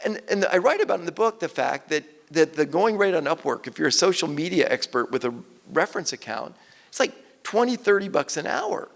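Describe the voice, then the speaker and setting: This is an older man speaking at an evening event, his voice slightly high with a gravelly edge. He tells stories animatedly, slipping into quoted voices, and the sound carries a long hall reverb. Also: brisk. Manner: animated storyteller, quotes people in lively voices. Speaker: author and guest speaker. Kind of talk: conversational stage talk.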